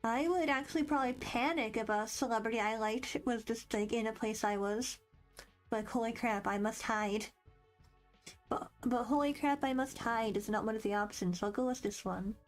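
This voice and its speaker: A woman's voice: a little high, brisk. A young woman streaming, chatting casually and rambling as she reads quiz questions aloud with a bubbly, self-deprecating manner. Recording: faint background music.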